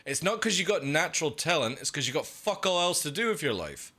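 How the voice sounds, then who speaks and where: A young man rants live on a game stream, cursing freely. His voice sits a little high and sounds bright and forceful, and his pitch leaps all over as he mocks others in quick put-on voices. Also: sing-song. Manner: profane, ranting, mocking with quick put-on voices. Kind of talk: casual live-stream rant.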